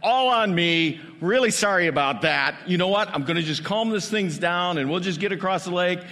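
A man's voice: high voice, lively intonation, moderate pace, sharp tone, in a large hall, pitched above the performer's own voice, full character voice. A man voicing a sheepish, overly apologetic man who keeps asking if everything is okay. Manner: fawning, apologetic, pleading.

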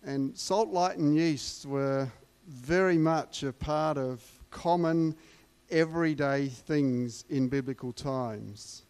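Male preacher, unhurried delivery, leans hard on key words, mid-pitched. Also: a little mellow, clear, resonant tone. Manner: emphatic, repeating key words slowly. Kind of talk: sermon.

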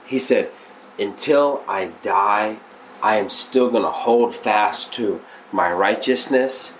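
A male pastor teaching on a devotional podcast, conversational with many restarts, swinging into excited, animated exclamations. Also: fairly low pitch, slow, slight background noise, low-quality recording.

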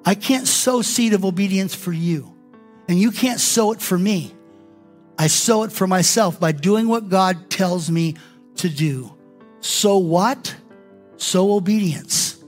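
A man preaching a sermon as pastor, animated and acting out quoted prayers in different voices. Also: high-pitched, takes it slowly, faint music behind.

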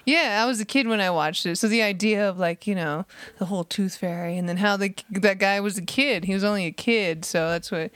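A woman's voice: medium pitch, fairly quick, hardly any pauses, dry recording. Lady cohost just chatting, laughs a lot, lots of likes and ums, dry mic. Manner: relaxed, laughs often, many fillers. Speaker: podcast co-host. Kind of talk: casual chat.

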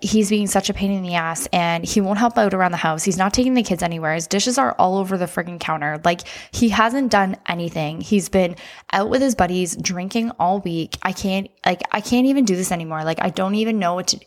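A woman doing a frazzled wife ranting fast. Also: mid-range voice, close to an everyday voice. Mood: exasperated. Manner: rushed, exasperated ranting. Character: frazzled wife venting about her husband.

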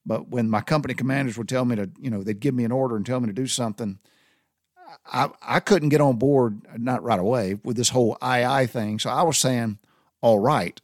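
In a casual monologue, a Southern US man who served in the Navy wanders through sailor slang, frequently starting over mid-thought. He talks a little fast at medium pitch, and the studio-quality recording is dry.

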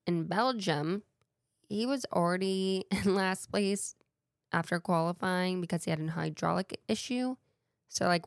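A woman's voice: lowish voice, no echo, clean studio sound. A woman hosting a casual solo talk show with a playful, chatty way of wandering into tangents. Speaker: podcast host.

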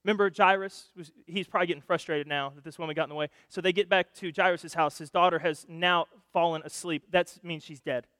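A high-voiced man preaching a sermon, telling stories in an animated way that swings between loud and hushed. His voice is close and dry at the mic, but a long hall reverb trails behind it. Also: a little fast, few pauses. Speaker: pastor.

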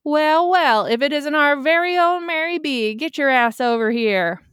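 Brief: woman playing a loud, high Southern-twang barkeep, teasing, storybook reading. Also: expressive, moderate pace, dry recording, studio quality. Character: brassy Southern woman bartender, longtime local.

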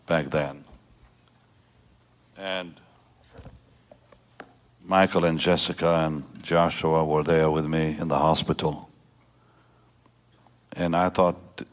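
A pastor in his seventies gives an emotional personal testimony to a church congregation, with halting restarts. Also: low voice. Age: 70s. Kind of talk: prayer and personal testimony sermon. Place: church service before a congregation.

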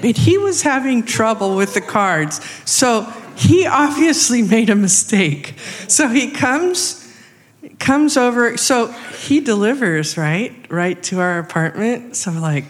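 A woman tells a personal story from the front of a church. She speaks slowly and animatedly, acting out the lines of everyone in it. Her voice rings out with a long reverb from the large hall. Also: mid-range voice. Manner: animated, acts out quoted speech. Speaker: missionary sharing a testimony. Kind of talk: storytelling testimony.

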